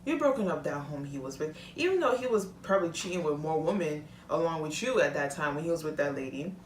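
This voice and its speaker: A woman's voice: low voice, expressive, quick pace, a little hiss or hum. A young woman vlogger in a casual, heated rant, talking bluntly and swearing freely. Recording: echoey room, mic at a distance.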